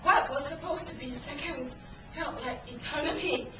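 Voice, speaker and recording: A woman's voice: high-pitched, normal speed. A woman in her thirties giving a dramatic storytelling speech at a contest, acting out scenes with shrieks and laughter. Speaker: contest speaker. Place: meeting hall. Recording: echoey hall, distant camera, noisy.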